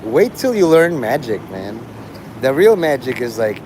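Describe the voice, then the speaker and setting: Over loud street noise, this livestream host talks at a normal speed in a medium-pitched, very animated voice. His profane monologue rambles and jumps between subjects.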